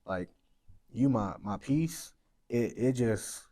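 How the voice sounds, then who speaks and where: A man's voice: mid-range voice, lively intonation, slow pace, warm tone. A young man hosting an interview, earnest and rambling, with slangy casual talk. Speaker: podcast host.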